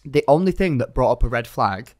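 A young man co-hosting a podcast, telling stories in a casual, animated way, swearing and acting out what others said. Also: mid-range voice, a little fast, no echo, clean studio sound. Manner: animated storytelling, swearing, acts out quoted speech. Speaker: podcast co-host. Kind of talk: casual chat. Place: podcast studio.

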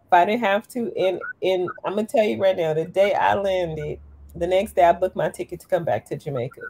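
A woman on a casual panel who tells her stories in a lively way, calling out to listeners. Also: lowish voice, brisk. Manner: lively storyteller, addresses listeners as y'all. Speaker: panelist living abroad.

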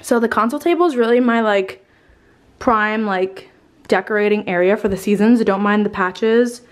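At a moderate pace and medium pitch, this lifestyle vlogger in her twenties gushes about her holiday decorating while showing her home. The home tour chat is casual; she's a little out of breath and swears offhandedly.

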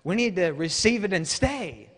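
Man, guest preacher, fairly high voice, emphatic sermon with casual asides, long church hall echo. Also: very animated, moderate pace. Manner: emphatic, rises to shouts, conversational asides.

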